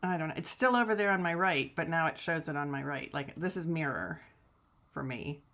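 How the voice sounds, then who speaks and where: A woman's voice: sits low, fairly quick, a bit bright. Chatty, rambling woman hosting a livestream. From Michigan. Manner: chatty, rambling, laughs often, mild swearing. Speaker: livestream host. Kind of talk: casual chat to a live audience. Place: home room in front of a laptop camera. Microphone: laptop camera mic.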